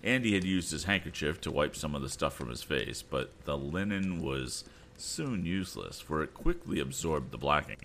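A man hosting a storytelling show, reading a classic novel aloud in a relaxed way with chatty asides. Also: extremely low pitch, moderate pace, slight background noise. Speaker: storytelling host.

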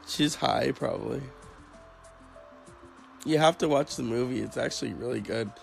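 A man hosting a casual chat, rambling and crude in a deadpan way. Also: medium pitch, vocal fry, rough recording.

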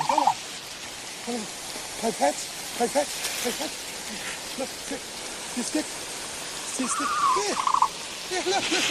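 A flustered grown man coaxes a dinosaur in a high, wheedling voice. This film clip sits under loud, pounding rain. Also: heavy background noise. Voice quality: wheedling, exasperated. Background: heavy rain.

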